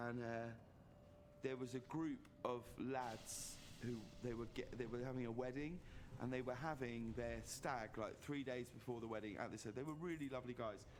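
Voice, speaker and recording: A British man in middle age, married, telling a rambling, self-mocking holiday story in an interview. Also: mid-range voice. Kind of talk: anecdotal storytelling.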